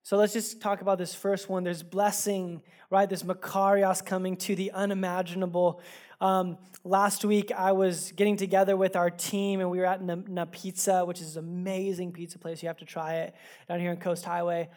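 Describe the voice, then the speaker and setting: A man's voice: sits high, flat delivery, normal speed, a little mellow. Man preaching a conversational sermon. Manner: conversational, repeats words as he goes, self-deprecating humor. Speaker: pastor. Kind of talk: sermon with personal storytelling. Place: church service before a congregation.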